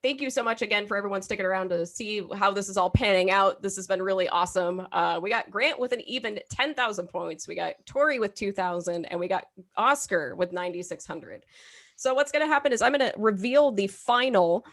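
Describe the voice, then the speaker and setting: Woman host of an online quiz show, mid-pitched, casual and laughing, video-call sound. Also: a little fast, a bit bright. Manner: laughs often, swears freely.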